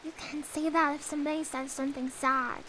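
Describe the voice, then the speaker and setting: A woman's voice: high-pitched, level tone, a little fast, sharp tone, a little hiss or hum. A young woman streaming a game, chatting playfully and giggling between remarks. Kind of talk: casual gameplay commentary.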